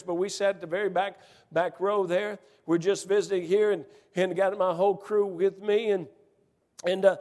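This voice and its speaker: High-voiced preacher in an echoing church. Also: male voice, darkish tone. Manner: folksy, emphatic, repetitive restarts. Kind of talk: storytelling sermon. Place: church sanctuary. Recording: church hall reverb.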